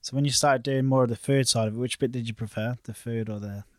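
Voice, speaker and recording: A man's voice: mid-range voice, fairly even intonation, quick pace, dry recording, studio quality. A man of Irish background hosting an interview, chatty and loose with many fillers. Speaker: interview host. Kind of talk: casual interview chat.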